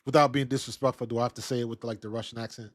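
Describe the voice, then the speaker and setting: A man hosts a relaxed football talk stream, speaking conversationally and reacting to viewers' comments as they come in. His voice sits at a middle pitch and sounds close and dry, with almost no room around it. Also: rapid-fire, no room sound. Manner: laid-back, conversational, reads and answers chat. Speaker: sports talk show host. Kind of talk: casual live-stream chat.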